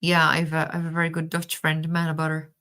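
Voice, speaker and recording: This low-pitched Cork Irish voice is monotone, brisk, bright and forceful. A middle-aged woman from Ireland, she hosts a tarot-reading livestream and chats casually, telling stories with lots of fillers and restarts.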